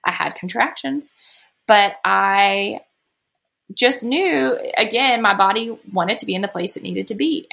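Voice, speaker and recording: A woman's voice: mid-range voice, vocal fry, bright, forceful tone. A woman, a podcast guest talking through a personal story in a chatty way and laughing often. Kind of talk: casual storytelling.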